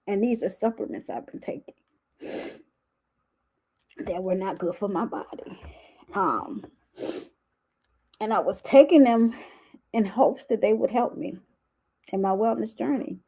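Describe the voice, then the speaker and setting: A woman, talking live to her viewers as a wellness coach, emotional and tearful, with halting restarts. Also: mid-range voice, dark tone. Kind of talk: live-stream vlog.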